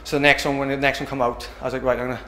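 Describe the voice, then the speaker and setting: A man's voice: mid-range voice, little pitch movement, rapid-fire, fairly bright tone, roomy sound, a little hiss or hum. A young man from Britain, an MMA fighter talking casually after a win, rambling and often asking "do you know what I mean". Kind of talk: post-fight interview.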